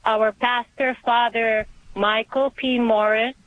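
A woman's voice: fairly high pitch, little pitch movement, takes it slowly, dry recording. A woman calling in to a radio show to ask for prayers, speaking earnestly and devoutly. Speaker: caller. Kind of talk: phone-in prayer request. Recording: tinny phone line.

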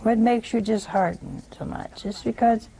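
Slow, gravelly woman preaching a homily. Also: mid-range voice, a little mellow, a little hiss or hum, poor audio. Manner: folksy, teasing, asks the audience questions. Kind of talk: sermon.

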